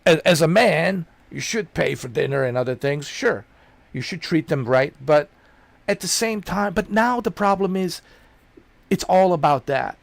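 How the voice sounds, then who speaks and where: Gravelly-voiced man ranting bluntly. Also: on the high side, lively intonation, a little slow, dry recording. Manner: rambling, blunt and profane, repeats himself. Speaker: streamer. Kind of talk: casual ranting chat.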